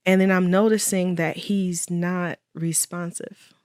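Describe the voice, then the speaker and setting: A woman's voice: fairly low pitch, level tone, a little slow, darkish tone, clear, resonant tone, dry recording, studio quality. A woman guest in an interview telling a personal story with earnest faith and quoted dialogue. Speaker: guest, widow.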